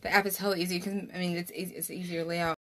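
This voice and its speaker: A woman in a casual chat with friends, relaxed and slangy. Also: lowish voice, very fast. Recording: loud background noise.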